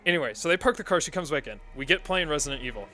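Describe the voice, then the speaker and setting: A man's voice: fairly high pitch, lively intonation, racing, bright, forceful tone. A young man streaming a game, telling a rambling story with frequent laughter and casual swearing.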